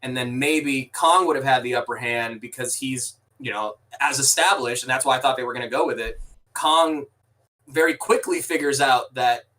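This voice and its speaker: A man's voice: medium pitch, normal speed, pushed and bright, far from the mic, rough recording. A man co-hosting a podcast, chatting casually about a film in rambling, restarting sentences with the odd swear. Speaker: podcast co-host. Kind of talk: casual movie review chat.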